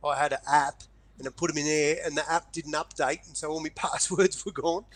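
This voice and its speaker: An Australian man co-hosts a podcast with a notably high voice. He fires off wisecracks and dry jokes in easy, casual banter. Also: steady tone, a little fast, a crowd in the background. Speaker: podcast co-host. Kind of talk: casual chat.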